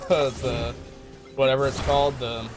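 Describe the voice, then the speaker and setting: A man streaming a game live, chatting casually with his viewers, excitable and laughing often. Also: mid-range voice, measured pace, over music. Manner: excitable, laughs often, talks to chat by name. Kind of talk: casual live-stream chat while playing.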